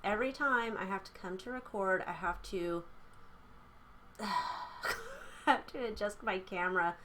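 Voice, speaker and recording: A woman's voice: mid-range voice, fairly bright tone, a little hiss or hum. Chatty woman doing a tarot reading. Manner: chatty, rambling, giggly asides. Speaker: tarot reader. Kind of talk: casual tarot reading vlog. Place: small room at home. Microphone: camera mic.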